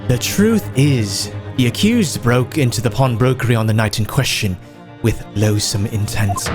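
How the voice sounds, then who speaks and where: A man's voice: mid-range voice, voice pushed down. A man voicing a haughty, contemptuous aristocratic prosecutor in grand, formal courtroom speech, with game music behind. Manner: pompous, formal courtroom oratory.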